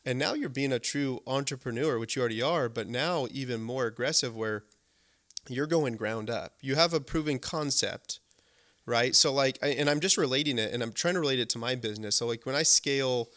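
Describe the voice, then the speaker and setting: A man in his thirties hosts a casual business podcast, full of eager energy. He keeps checking in with a quick "right?" and repeats words as he builds his point. His pitch sits right in the middle. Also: a bit bright. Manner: enthusiastic, repeats words, many "right?" tags. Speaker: podcast host. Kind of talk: casual interview chat.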